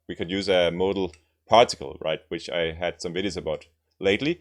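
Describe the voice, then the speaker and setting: Low-voiced man explaining grammar. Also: a little fast. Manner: repeats example sentences, asks "right?" often. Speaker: language teacher.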